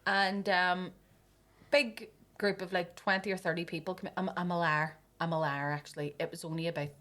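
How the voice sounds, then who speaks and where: Bright-voiced woman telling stories. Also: on the low side, brisk. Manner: lively, swearing storyteller. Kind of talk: casual podcast chat.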